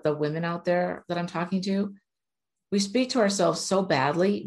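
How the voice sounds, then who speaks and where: A woman's voice: mid-range voice, darkish tone. A woman giving a casual oracle card reading to her viewers, earnest and encouraging, sometimes blunt. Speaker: spiritual oracle card reader.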